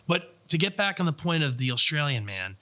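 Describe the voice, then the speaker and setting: Man, podcast host, very bright voice, higher pitch, rambling casual chat, filler-heavy. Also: very animated, fairly quick.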